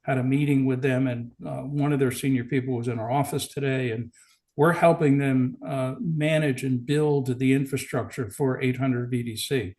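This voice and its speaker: A man's voice: medium pitch, normal speed. Man telling a business story as a guest. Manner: storytelling, relaxed, with restarts. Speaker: podcast guest, company executive. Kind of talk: casual business interview chat.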